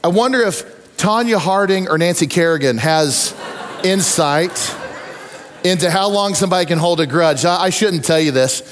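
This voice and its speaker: A man preaching a sermon, telling stories with lively acted-out voices and asides to the congregation. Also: sits high, moderate pace, long reverb tail, a little hiss or hum. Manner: animated storytelling with acted-out voices. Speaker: pastor.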